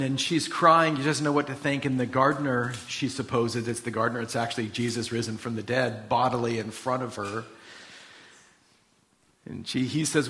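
A man preaching, reading scripture aloud and then retelling the story in a casual, animated way. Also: mid-range voice, normal speed. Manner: animated storytelling, retelling scenes in quoted voices. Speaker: pastor.

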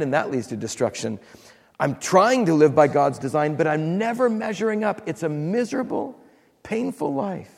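Pastor preaching in an echoing hall. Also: male voice, fairly high pitch, big pitch swings, normal speed, creaky, darkish tone. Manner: preaching with acted-out quotes and emphatic repetition. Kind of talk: sermon.

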